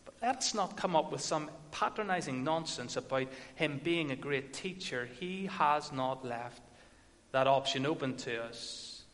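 A man preaching a sermon, telling a story and building to forceful emphasis. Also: a little high, expressive, unhurried. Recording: echoey hall with long reverb.

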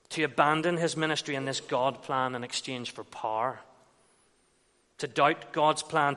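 A man's voice: mid-range voice, sharp tone. Man preaching in a reverberant hall. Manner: expository preaching, acts out quoted dialogue. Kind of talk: sermon. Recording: long reverb of a large hall.

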